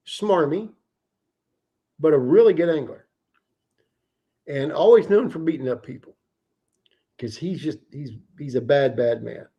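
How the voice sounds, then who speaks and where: A man hosting a livestream, telling a fishing story in a casual, animated and profane way. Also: fairly high pitch, lo-fi sound. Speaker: livestream host.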